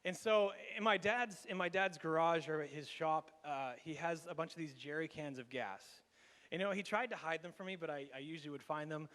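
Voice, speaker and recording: In a church sanctuary, a Canadian pastor delivers a storytelling sermon in a fairly high voice that fades into a long hall reverb. He's animated, laughing and restarting quickly as he goes.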